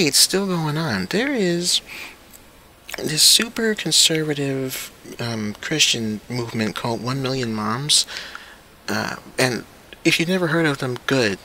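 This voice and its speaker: A man's voice: medium pitch, a little slow, pushed and bright, a little hiss or hum. A young man hosting his own vlog, talking in a casual, profane and incredulous rant. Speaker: vlog host.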